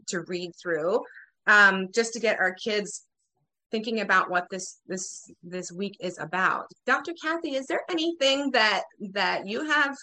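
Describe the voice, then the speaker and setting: A female host talks with a bright, forceful tone. She is lively and chatty and laughs easily. This is casual interview talk. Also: mid-range voice. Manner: enthusiastic and chatty, with frequent laughs. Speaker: podcast host.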